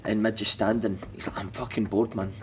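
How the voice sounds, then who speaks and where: A man's voice: lowish voice, flat delivery, brisk, slight background noise. A Scottish man, a former footballer, telling stories in casual chat, swearing freely and laughing through them. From Scotland. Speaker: podcast guest, former footballer.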